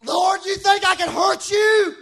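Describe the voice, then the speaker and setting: A bewildered, indignant man, freshly knocked to the ground, shouts his questions in a strained, very high voice, as a preacher puts him on. He sounds outraged and unable to believe what is happening. The delivery stays loud and incredulous throughout. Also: fairly even intonation, a little slow, gravelly, heavily acted. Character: bewildered, indignant man struck down by a blinding light.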